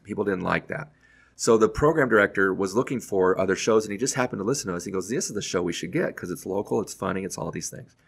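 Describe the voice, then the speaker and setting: A middle-aged man, a radio host, telling casual anecdotes in an animated way and acting out other people's lines. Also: fairly low pitch, quick pace, creaky, husky. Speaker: radio host telling his career story.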